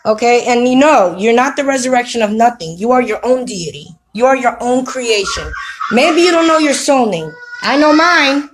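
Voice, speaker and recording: A woman's voice: a little high, animated, moderate pace, slight background noise, rough recording. A woman giving a casual spiritual talk to camera at home, preachy and streetwise, who keeps checking with "you know what I mean?". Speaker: spiritual vlogger. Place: home with children around.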